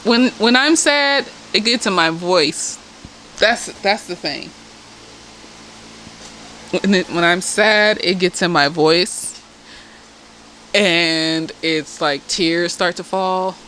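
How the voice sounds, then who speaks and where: A woman therapist reviewing a TV episode in casual chat. She is animated and blunt, swears freely and keeps drifting into asides. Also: lowish voice, slow pace, pauses often, a little hiss or hum, poor audio. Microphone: self-filmed camera.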